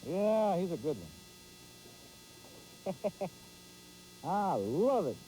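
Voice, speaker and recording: Man, fishing show host, excitable folksy play-by-play outdoors; mellow timbre, lively pitch. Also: drawn-out words, slight background noise, rough recording. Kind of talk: live fishing commentary. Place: outdoors on a boat on a pond.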